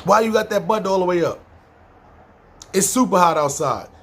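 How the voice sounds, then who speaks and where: A man's voice: high voice, lively intonation, moderate pace, a bit bright. A man from New York with a New York accent, telling a long story casually, rambling, swearing freely and acting out what people said. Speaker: podcast storyteller.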